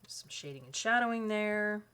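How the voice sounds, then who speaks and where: A woman's voice: medium pitch, lively intonation, normal speed, a bit bright, clean tone. A woman hosting a colouring channel, chatting as she flips through a book, rambling and correcting herself with lots of fillers. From Canada.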